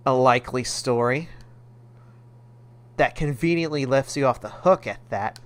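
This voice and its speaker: A man's voice: mid-range voice, unhurried, natural voice. A man voicing a seductive, domineering middle-aged mother in a game, purring and teasing. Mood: scolding. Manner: purring, teasing, then scolding. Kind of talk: reading game dialogue aloud.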